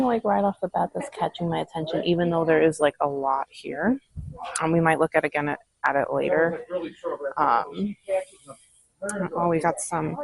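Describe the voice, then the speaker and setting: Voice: mid-range voice, vocal fry, slightly rough, rough recording. A thrift vlogger chatting casually while browsing a store, musing aloud over prices with frequent giggles. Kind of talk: casual shopping vlog chat.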